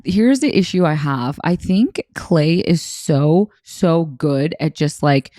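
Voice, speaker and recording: A woman's voice: low-pitched, expressive, slow pace, mellow, no echo, clean studio sound. A young woman co-hosting a podcast, chatting animatedly, laughing often and acting out quotes. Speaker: podcast co-host. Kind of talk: casual recap chat.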